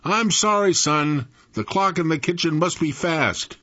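A man's voice: on the high side, lively intonation, a little slow, bright, forceful tone, no echo, pitched above the performer's own voice, full character voice. An old man voicing a caring, busy farm mother in a raised, coaxing voice. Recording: dull lo-fi recording.

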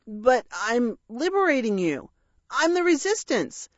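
A woman's voice: a little high, sing-song, a little slow, no room sound, highs cut off. A woman voicing an earnest, bumbling young male dragon who speaks in a flustered, grandly heroic way in an audiobook reading.

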